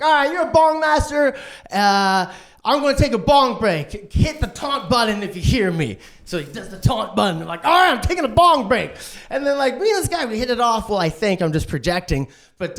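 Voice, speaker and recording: A man doing a stand-up set, manic and swearing, who acts out other people's lines in a shrill voice. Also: big pitch swings, normal speed, fairly bright tone. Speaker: stand-up comedian. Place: online streamed show.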